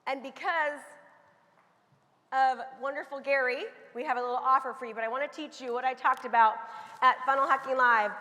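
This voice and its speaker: A woman giving an energetic motivational talk from a stage, leading the crowd in shouted chants. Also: high-pitched, fairly quick. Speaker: motivational speaker. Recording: long hall reverb.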